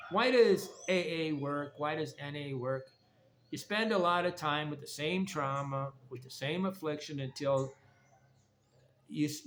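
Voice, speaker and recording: A man's voice: on the high side, a bit bright. A man giving a blunt, rambling, preachy monologue about recovery and trauma. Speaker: vlogger. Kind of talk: casual monologue. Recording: faint background noise.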